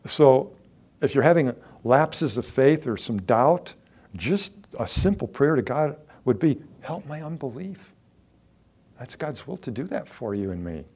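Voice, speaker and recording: Preaching with a very animated, mid-range voice and a measured pace, a pastor speaks earnestly and emphatically. His delivery swings between hushed asides and loud pronouncements, and he leans on repeated words for stress.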